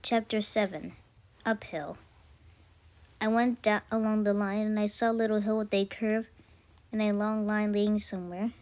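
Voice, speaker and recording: A woman narrating a first-person story aloud in an amateur way, halting often and correcting herself mid-sentence. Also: mid-range voice, fairly even intonation, darkish tone. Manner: halting, frequent self-corrections. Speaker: story reader.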